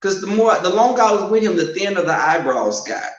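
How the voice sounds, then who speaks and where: A man telling casual stories at home, animated and loud when he quotes people, in an echoing room. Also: a little fast. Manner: animated, swings loud and high when quoting. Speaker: storyteller. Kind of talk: casual storytelling. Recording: roomy home echo, muffled sound.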